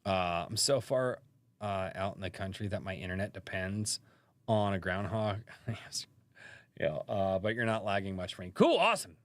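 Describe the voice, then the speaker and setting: A man's voice: low-pitched, animated, moderate pace, dry recording. A man hosting a live-stream podcast from a rural home, chatting casually and rambling with many fillers and restarts.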